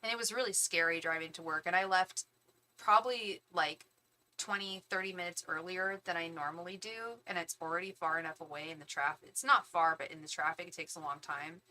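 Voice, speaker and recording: A woman with a bright, edgy voice, chatting casually on her stream as she vents about her day. She is animated, jumps into quick impressions of other people and drops the odd swear word. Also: lowish voice, a little hiss or hum. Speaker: tarot reader hosting a live stream. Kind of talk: casual storytelling chat.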